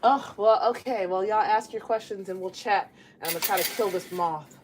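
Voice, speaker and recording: A woman's voice: medium pitch, moderate pace, slight background noise. A woman chatting casually on a livestream from her room, laughing often and telling stories animatedly. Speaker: livestream host. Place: bedroom near closet, indoors.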